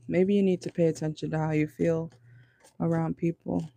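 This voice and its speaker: A man with a dark, gravelly voice gives a relaxed tarot reading from a parked car. He sits a bit high in his range and talks loosely, reassuring his listeners. He keeps checking in with a casual "okay?". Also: normal speed, dry recording. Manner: loose, chatty, reassuring, many fillers like "okay?". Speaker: tarot reader.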